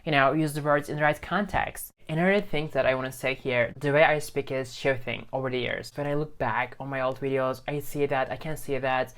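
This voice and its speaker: A man's voice: medium pitch, fairly even intonation, fairly quick, hardly any pauses, a bit bright. A man speaking English as a second language, talking earnestly to a phone camera, repeating his points with lots of fillers. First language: not English. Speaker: English learning vlogger. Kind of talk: casual talk to camera.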